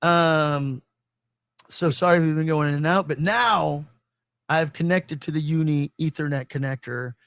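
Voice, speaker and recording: Male host, a touch high-pitched, dry studio sound; loose, rambling, laugh-prone delivery. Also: normal speed, fairly bright tone, dry recording. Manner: laughs often, rambling and profane. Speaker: podcast host. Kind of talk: casual chat.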